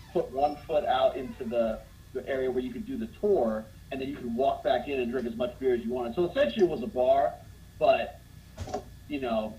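A man telling a funny bar story in casual conversation, getting more animated as he goes. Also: a little hiss or hum, rough recording. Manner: animated, gets louder and higher as the story builds.

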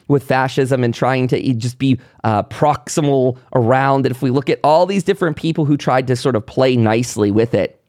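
A man's voice: medium pitch, a little mellow, no room sound, studio quality. A man hosting his own political commentary channel, talking in an impassioned, rambling monologue with restarts and short laughs. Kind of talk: casual monologue.

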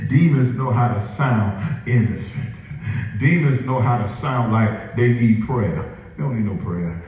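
A man's voice: mid-range voice, takes it slowly, a little mellow. A man preaching a sermon in call-and-response style, chuckling between lines as he drives his points home. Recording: echoey room picked up from a distance, faint ambience.

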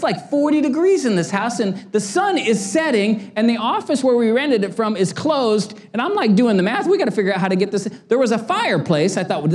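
A middle-aged pastor preaches a sermon, his voice sitting high as he tells a lively story. He acts out the quotes and laughs at himself along the way.

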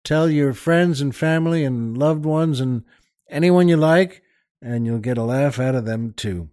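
A man's voice: medium pitch, unhurried, dark tone, no echo, clean studio sound. A man hosting a comedy podcast, telling a joke in a rambling, folksy way with many hesitations. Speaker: podcast host. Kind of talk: comic storytelling and joke telling.

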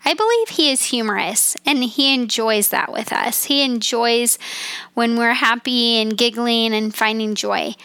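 A woman's voice: a little high, a bit bright, no room sound. A woman in her thirties hosting a personal faith podcast, talking in an earnest, heartfelt, chatty way. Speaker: podcast host.

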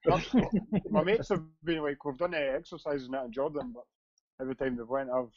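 Man, Scottish accent, casual podcast chat, sweary, mid pitch, dull lo-fi sound. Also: steady tone, a little fast. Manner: sweary, blunt banter. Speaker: podcast co-host.

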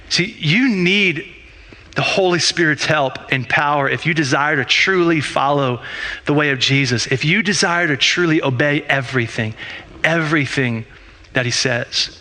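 A pastor delivers a sermon in a loose, conversational style. He uses rhetorical questions and often restarts his sentences. His voice sits high and rings very bright.

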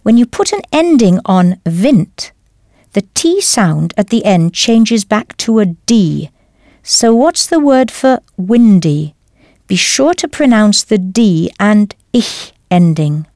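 Slow, lively woman teaching a language. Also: medium pitch, dry recording, studio quality. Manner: clear, careful teaching delivery, spells out words. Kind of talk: scripted language lesson narration.

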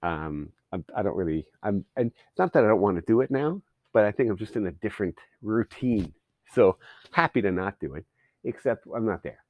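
A man's voice: lowish voice, dry recording, highs cut off. Sarcastic, swearing Canadian man ranting. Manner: sarcastic, swears a lot, rambling. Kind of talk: profane ranting monologue.

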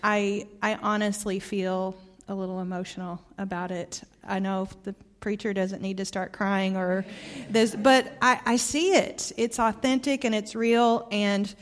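Standing in as guest preacher in a church sanctuary, this middle-aged Arkansas woman tells stories through a heartfelt sermon in her Southern accent. She speaks at a medium pitch and frequently lets her voice fall soft and quiet.

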